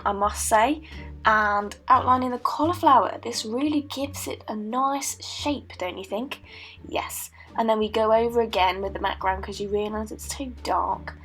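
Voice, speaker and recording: A woman's voice: on the high side, a bit bright. A young woman in her late teens from Britain, narrating a painting video in a joking put-on Australian accent, with a playful mock-documentary tone and dry asides. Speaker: art student. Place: voice-over recorded at home.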